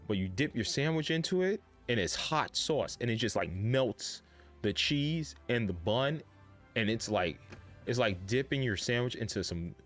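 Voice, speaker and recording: A man streaming live, chatting casually and rambling with jokes while he reads his chat. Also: medium pitch. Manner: rambling, joking, talks to chat.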